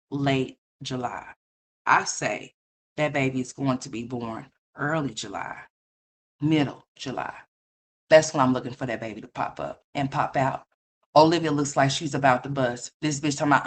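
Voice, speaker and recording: A low-voiced woman hosts a livestream and unloads a gossip rant that's crude, scornful, and direct. Rhetorical questions keep popping up throughout.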